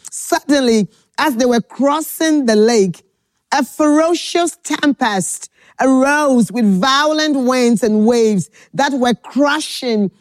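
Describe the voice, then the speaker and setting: A woman preaching a sermon at a podium, slow and deliberate, repeating key phrases for emphasis. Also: high-pitched, darkish tone, no echo.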